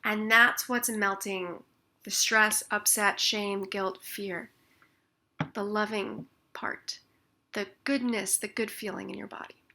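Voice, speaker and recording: A woman explaining emotional tapping, speaking expressively and sometimes dropping to a soft near-whisper. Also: medium pitch, fairly even intonation, slow, creaky, a little hiss or hum. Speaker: tapping practitioner. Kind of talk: instructional explanation with demonstrations.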